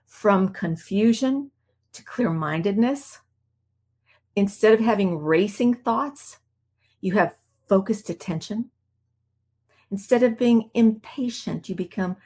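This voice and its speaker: Woman coach, breathy voice, calm self-help talk, middle pitch, plays her own inner voice. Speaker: marriage coach.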